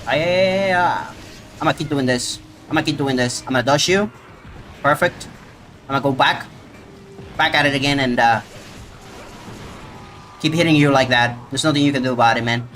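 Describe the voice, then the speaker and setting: A man streaming a video game live, reacting out loud and talking to the monster he fights. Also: mid-range voice, moderate pace, pauses often, soft background music. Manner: excitable, talks to the monster. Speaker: gaming streamer. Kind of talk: live gameplay commentary.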